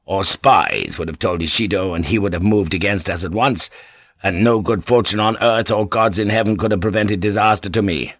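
A narrator dropping into a shrewd aging warlord, deep and unhurried, each word weighed with quiet authority. The sound is close and dry. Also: male voice, no room sound. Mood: scheming. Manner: measured, authoritative, sly. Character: aging male warlord, cunning and commanding. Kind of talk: audiobook character voice.

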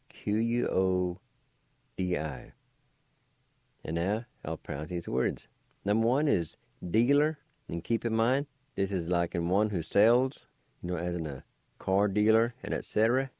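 A man hosting a radio language lesson, spelling out letters and pronouncing each word slowly, repeating it. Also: lowish voice, animated, warm tone, dry recording, studio quality. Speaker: language teacher on radio show.

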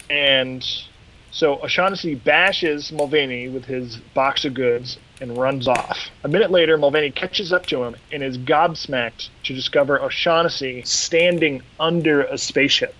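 A man's voice: mid-range voice, slight background noise, rough recording. A man hosting a podcast, retelling an episode in casual chat and acting out quotes along the way. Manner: animated retelling with acted quotes. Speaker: podcast host.

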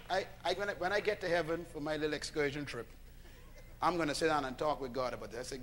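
A man preaching a sermon to a congregation, emphatic and animated, calling for responses and now and then shouting out a line. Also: fairly high pitch, fast talker, a faint crowd, a little hiss or hum.

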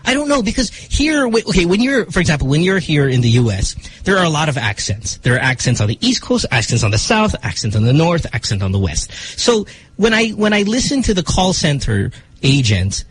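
A Filipino man with a Filipino accent hosting a casual radio talk show, animated, slipping Tagalog into his English and restarting his sentences. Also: fairly high pitch, brisk, slight background noise. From Philippines. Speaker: radio host.

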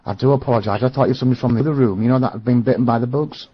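A man's voice: mid-range voice, rapid-fire, breathy edge. A man with an English accent playing hotel staff in a prank phone call, mock-polite and needling. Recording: lo-fi phone line.

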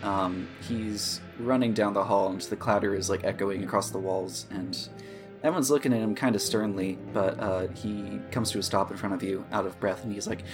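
A man's voice: lowish voice, normal speed, over music. A man running a tabletop game as game master, narrating loosely with many fillers. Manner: relaxed, hesitant with fillers.

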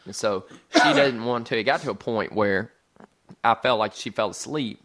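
A man's voice: mid-range voice, normal speed, noisy background. A man in his thirties, co-hosting a casual chat show, tells a family story with lots of laughter and acts out the people in it. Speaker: podcast co-host.

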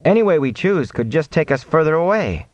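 A man's voice: fairly low pitch, fast talker, a little mellow, no room sound, lo-fi sound, natural voice. Man doing a fretful young villager. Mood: worried. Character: worried, protesting young male villager.

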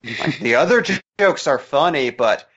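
A man co-hosting a podcast, analyzing a film in a casual, animated way and laughing often. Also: fairly high pitch, moderate pace, slightly rough. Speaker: podcast co-host. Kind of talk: casual movie commentary chat. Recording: dull lo-fi sound.

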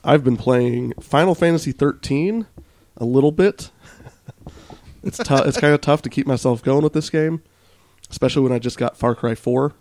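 A man co-hosting a gaming podcast, talking casually while he is sick and hoarse. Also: mid-range voice, moderate pace, a little mellow, dry recording. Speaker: podcast co-host. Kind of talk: casual chat.

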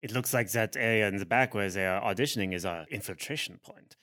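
A man's voice: lowish voice, fast, sharp tone, dry recording, studio quality. A man playing a tabletop game, joking and planning with the group. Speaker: player.

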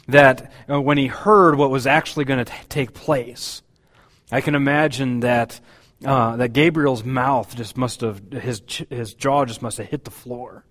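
A man's voice: mid-range voice, fairly even intonation, unhurried, fairly bright tone, long reverb tail. A man preaching a sermon as pastor, talking in a conversational, hesitant way with many fillers.

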